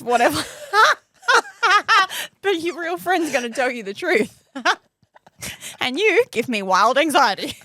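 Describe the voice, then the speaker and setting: A woman's voice: sits high, animated, unhurried, pauses often, pushed and bright, dry recording, clean studio sound. A woman co-hosting a podcast in casual chat, blunt and teasing, often laughing. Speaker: podcast co-host.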